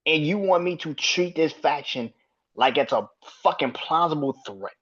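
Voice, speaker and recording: A man's voice: on the high side, expressive, normal speed, fairly bright tone. A man hosting a podcast, ranting about wrestling in a profane, exasperated way and laughing in disbelief. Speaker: podcast host. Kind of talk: heated rant about wrestling. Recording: dull lo-fi recording.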